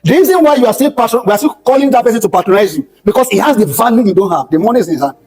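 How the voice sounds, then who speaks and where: A man's voice: sits high, lively intonation, racing, a little mellow, husky, faint music behind, low-quality recording. A Nigerian man, a pastor, giving an emphatic motivational talk at a skills bootcamp, repeating his key phrases for weight. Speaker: pastor and speaker. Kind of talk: motivational talk with sermon-like storytelling. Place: event hall at a skills bootcamp.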